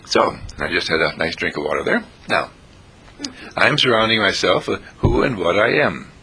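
A man's voice: deep voice, big pitch swings, moderate pace, bright, forceful tone. A man hosting a spiritual radio segment, giving a rambling, repetitive inspirational talk in a theatrical way. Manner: repetitive, theatrical, breaks into song snatches.

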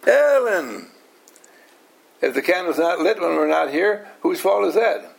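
Older man, fairly high voice, very gravelly, informal group talk, teasing questions. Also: big pitch swings, unhurried. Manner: questioning, teasing, acts out quoted people. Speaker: household teacher.

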